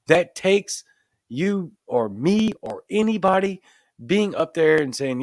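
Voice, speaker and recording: A man's voice: a little high, lively intonation, measured pace, no echo. A man with a Cajun accent hosting a live show, talking casually to viewers and reading their comments, earnest and emphatic, often restarting his phrases. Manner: earnest, repeats himself, restarts phrases, builds to emphatic points. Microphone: desk microphone in front of camera.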